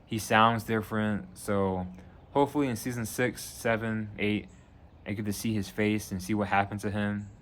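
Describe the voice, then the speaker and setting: A man casually reviewing a TV season on his channel, retelling scenes with lively energy and acting out lines. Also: fairly low pitch, normal speed, slight background noise. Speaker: video reviewer.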